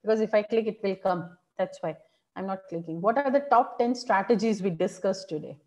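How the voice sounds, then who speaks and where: In an online public speaking workshop, a woman teaches with animated encouragement, asking her audience questions. Her voice is mid-range and a little fast.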